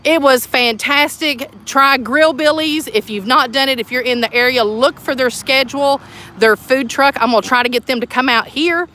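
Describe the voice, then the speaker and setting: Bright, excited woman livestreaming outdoors. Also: on the high side, a little fast. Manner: chatty, excited, rambling. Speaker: tiny home community host. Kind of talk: casual livestream walkthrough. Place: outdoors at a building site.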